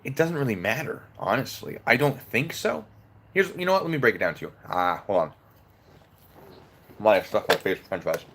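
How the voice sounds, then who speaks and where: Low-voiced man giving casual commentary. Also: animated, moderate pace, a bit bright. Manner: conversational, opinionated, breaks down the case step by step. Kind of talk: casual commentary while eating.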